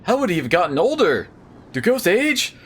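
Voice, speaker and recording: A man's voice: sits high, sing-song, moderate pace, a bit bright, husky, voice pushed up, heavily acted. A man voicing a dim, fussy male henchman in a game, with a posh and prissy manner. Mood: puzzled.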